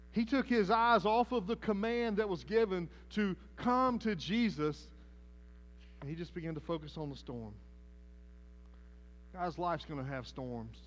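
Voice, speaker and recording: A man with a Southern American accent preaching a sermon as pastor, telling the story in a folksy, animated way. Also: a little high, slight background noise. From Southern United States.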